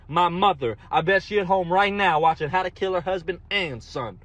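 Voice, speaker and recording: A man telling a profane comic rant to camera, animated and cursing freely. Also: high-pitched, normal speed, few pauses. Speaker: comedian.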